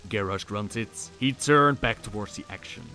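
A male voice actor reading a fantasy story aloud in a measured, dramatic style. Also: lowish voice, bright, forceful tone, faint music behind. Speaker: narrator, voice actor. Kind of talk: scripted story narration.

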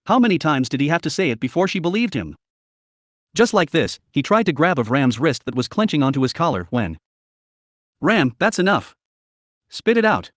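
A man reads a novel aloud as an audiobook with an expressive storytelling delivery. His voice sits a little high for a man and moves animatedly across its range. The recording is dry and close, with no room sound. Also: brisk, dry recording. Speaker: audiobook narrator.

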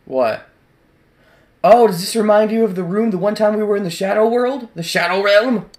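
A man giving casual let's play commentary over a video game, chatty, sarcastic and excitable. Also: high voice, normal speed.

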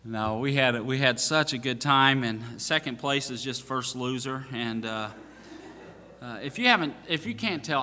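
A man serving as pastor tells a rambling, self-mocking story from the pulpit, full of "uh"s and restarts. His voice has a bright, tense edge. A long reverb from the church sanctuary trails each phrase. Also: medium pitch, expressive, measured pace. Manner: joking, self-mocking, many fillers and restarts.

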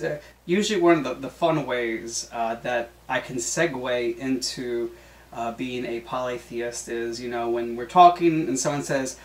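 Man, substitute host, casual chatty talk, halting with fillers, roomy echo, a bit off-mic. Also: medium pitch. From Greek heritage. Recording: echoey room, mic at a distance.

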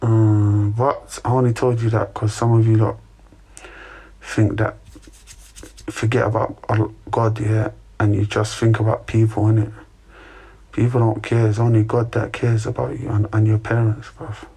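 A man's voice: on the low side, little pitch movement, measured pace, mellow, breathy edge. A young man chatting casually to his livestream viewers, giving earnest life advice and ending lines with "bruv" and "innit". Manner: slangy, repeats "bruv" and "innit", gives earnest advice to chat. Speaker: livestream host.

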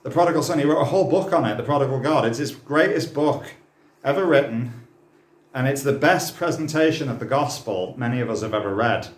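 Brief: male preacher, impassioned and dramatic, mid-pitched, roomy church hall sound. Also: fairly quick. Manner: impassioned, dramatic, rhetorical questions. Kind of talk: sermon.

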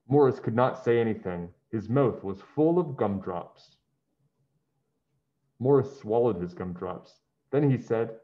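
Man storybook reader, unhurried, muffled recording. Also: medium pitch. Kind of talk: children's story read-aloud. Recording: dull lo-fi sound.

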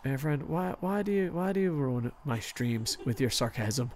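A man giving casual, excitable commentary on a hockey video game stream, swearing often and poking fun at himself. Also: mid-range voice, moderate pace, slight background noise. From United States. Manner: excitable, profane, self-mocking.

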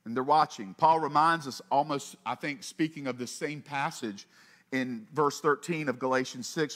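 A pastor delivering a sermon in a conversational way, with asides, swelling for emphasis and dropping soft on key points. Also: male voice. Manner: conversational preaching with asides and quick jokes; rises in pitch and volume for emphasis, drops low and soft on closing points.

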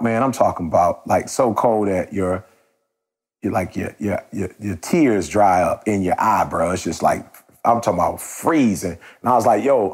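A man giving a motivational talk, telling a story in a lively, rapid way full of slang and repeated words. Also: fairly low pitch, breathy edge. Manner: animated, rapid, repetitive, street slang. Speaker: motivational speaker.

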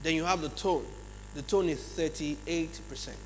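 A man with a Nigerian English accent giving a lively leadership seminar talk in a large church hall, often checking in with his audience. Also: a little high, normal speed. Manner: acts out examples in changed voices. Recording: long hall reverb, faint mains hum.

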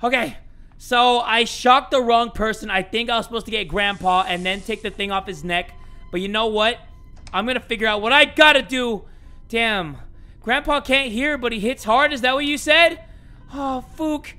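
Young male gaming host, sore throat, high-pitched and bright, jumpy horror-game commentary with sudden yells; faint music underneath. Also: normal speed, clear, resonant tone. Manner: jumpy, shouting in sudden scares, joking.

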